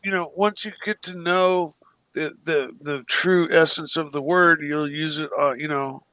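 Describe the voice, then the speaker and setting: A man's voice: on the high side, steady tone, a little slow, bright, forceful tone, low-quality recording. A tired man chatting casually on a livestream, rambling, swearing freely and laughing between sentences. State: exhausted. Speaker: guest on a livestream. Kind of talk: casual chat.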